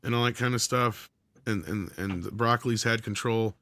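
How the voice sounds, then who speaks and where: A man's voice: lowish voice, fairly even intonation, moderate pace, bright, forceful tone, no echo. A man hosting a casual panel chat, blunt and swearing, reading viewer comments aloud.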